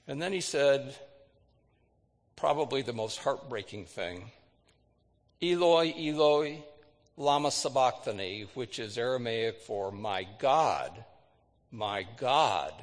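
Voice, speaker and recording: A man's voice: lively intonation, takes it slowly. Preacher man with a dramatic, echoing delivery. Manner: dramatic scripture reading, voice rising for quotes and dropping low for solemn lines. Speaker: pastor. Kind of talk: sermon.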